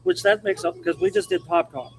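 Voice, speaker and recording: A man's voice: a little high, huge pitch swings, quick pace, gravelly, rough recording. A man who does wrestling commentary, telling stories and reminiscing in casual chat. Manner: storytelling, reminiscing. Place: busy pizzeria. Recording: crowd chatter behind.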